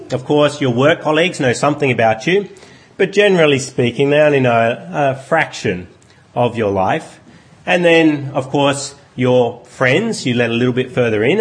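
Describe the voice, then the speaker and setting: A man preaching a sermon in a conversational way, asking his listeners rhetorical questions. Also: medium pitch. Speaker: pastor.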